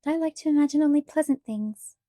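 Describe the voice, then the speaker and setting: A woman voicing a gentle, imaginative young schoolteacher who speaks sorrowfully and earnestly. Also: high-pitched, a little fast, no room sound, clean studio sound, voice pushed up, close to an everyday voice.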